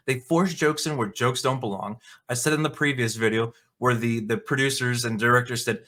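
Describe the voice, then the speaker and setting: An indignant male commentator rants to his viewers, mocking and swearing as he goes. His voice is bright and forceful, with a middle pitch. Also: brisk, few pauses. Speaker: video commentator. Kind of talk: ranting commentary vlog.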